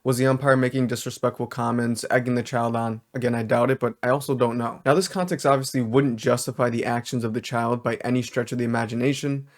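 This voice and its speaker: A man working as a social worker, hosting a reaction video and calmly explaining a clip while hedging his statements. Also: medium pitch, quick pace, hardly any pauses.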